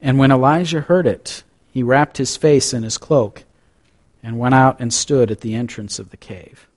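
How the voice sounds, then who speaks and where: A man's voice: mid-range voice, moderate pace, darkish tone. A man preaching a sermon, reading scripture aloud with dramatic rises and drops and adding conversational asides. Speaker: pastor.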